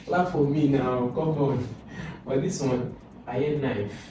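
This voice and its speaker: Male Nigerian tutor, unhurried, repeats sounds aloud; very echoey room. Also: medium pitch, noisy background. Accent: Nigerian English. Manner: slow, thinks aloud, repeats sounds over and over. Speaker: exam prep tutor. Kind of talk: informal exam lesson. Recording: echoey room, far from mic, music behind.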